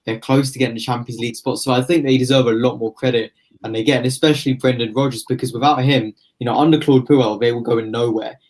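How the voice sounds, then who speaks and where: A man's voice: medium pitch, steady tone, quick pace. Man giving long football opinions. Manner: long flowing opinionated explanations. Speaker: football podcast pundit. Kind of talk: casual football podcast analysis.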